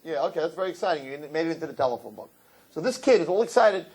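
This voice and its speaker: A middle-aged rabbi giving an animated sermon in a synagogue, joking with the audience and acting out quotes in high voices. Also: male voice, racing, slightly rough. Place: synagogue hall.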